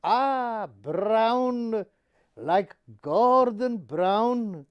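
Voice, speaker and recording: A man's voice: high-pitched, expressive, drawn-out words, clear, resonant tone, muffled recording, full character voice. A man playing a cheeky comic guest of Pakistani roots, speaking in a put-on Scottish accent over Indian English and calling people "laddie". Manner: drawling, uses "laddie" and "wee".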